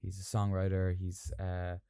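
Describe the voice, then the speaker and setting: A man's voice: low-pitched, monotone, normal speed, vocal fry, mellow, clear, resonant tone. A man co-hosting a podcast in casual chat, joking around playfully. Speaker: podcast co-host.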